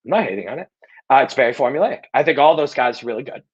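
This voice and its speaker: Rapid-fire and expressive, his medium-pitched voice has a breathy edge, and the recording's highs are cut off. The middle-aged host of a live Q&A show talks in a casual monologue, blunt and emphatic, swearing freely and going back over his points.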